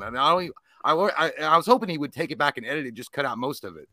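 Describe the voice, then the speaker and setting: Fast rambling guy, bright voice. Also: a little high, expressive, dry recording. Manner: rambling, profane storytelling. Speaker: podcast guest. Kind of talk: casual chat.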